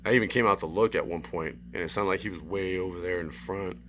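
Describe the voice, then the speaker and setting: Brief: young man, lowish voice with a forceful edge, rambling storyteller, keeps asking "right?". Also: fast, a little hiss or hum. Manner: animated, acts out screams and quotes. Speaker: vlogger. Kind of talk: casual storytelling monologue.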